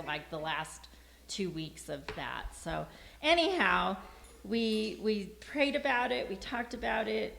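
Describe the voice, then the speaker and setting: Middle-aged woman, gravelly voice, animated testimony storyteller who plays out the dialogue. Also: on the low side, slight background noise. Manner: lively storyteller, acts out quoted dialogue, laughs often. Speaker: church member giving a testimony.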